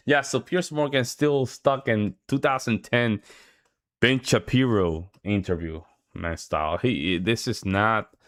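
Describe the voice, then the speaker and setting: A man's voice: fairly low pitch, a little slow, fairly bright tone. A man hosting a reaction video, commenting in a casual, rambling way with lots of restarts. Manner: rambling, exclamatory, thinks aloud with restarts.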